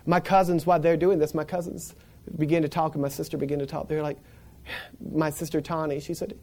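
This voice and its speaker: A man from the Florida panhandle, telling a personal story in a lively way, laughing and acting out the people in it. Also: a little high, quick pace. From Florida panhandle, USA. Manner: animated, laughing, acts out the people in his story.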